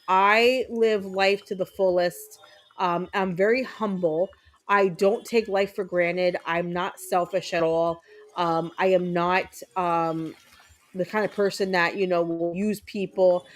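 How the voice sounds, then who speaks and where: A woman streamer plays a video game while chatting casually with her viewers, upbeat and full of ums. Her voice is medium-pitched, and the recording quality is low.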